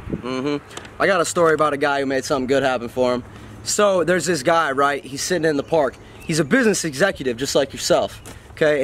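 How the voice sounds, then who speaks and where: A man hosting a casual motivational chat outdoors, telling stories in an animated way and acting out the voices. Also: a little high, a little hiss or hum. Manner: animated storytelling, acts out voices. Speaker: host and storyteller. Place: outdoors by a road.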